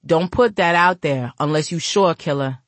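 A woman's voice: sits low, expressive, normal speed, no room sound. A woman voicing a street-hardened young man who is blunt, protective and curses in heavy slang. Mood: angry.

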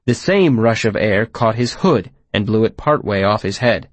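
A man narrating first-person fiction in a measured, expressive storytelling manner, on a close mic. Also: fairly low pitch, no room sound. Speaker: audiobook narrator.

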